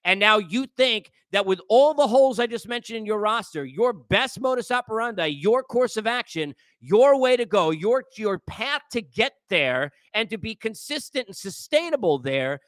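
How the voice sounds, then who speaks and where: A man rants through sports commentary in a high, sharp, forceful voice, lecturing his listeners with exasperation. The sound is dry and close, with no room around it. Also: expressive, moderate pace, few pauses, no echo. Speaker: sports podcast host.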